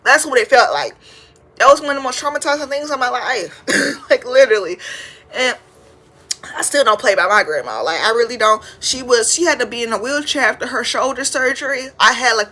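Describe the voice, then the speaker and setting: A young woman hosting her own podcast speaks with a bright, fairly high voice. She tells stories casually and dramatically, jumping up in pitch for effect. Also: moderate pace. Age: 20s. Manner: animated, dramatic retelling with big pitch jumps. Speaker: podcast host. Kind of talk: casual storytelling.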